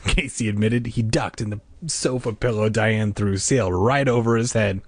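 A man reading a story aloud in an expressive way, breaking in with deadpan comic asides. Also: on the low side, moderate pace, few pauses, no room sound. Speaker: narrator.

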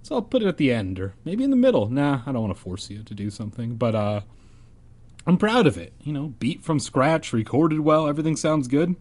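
A man's voice: medium pitch, big pitch swings, brisk, darkish tone. A man casually reading a children's horror book aloud and breaking off for rambling, joking asides. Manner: rambling, joking, self-deprecating. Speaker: reader and host.

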